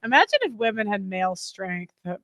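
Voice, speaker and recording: A woman's voice: mid-range voice, big pitch swings, a little fast, over a noisy crowd, heavy background noise. A young woman hosting a casual reaction commentary, laughing often between remarks. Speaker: host reacting to clips.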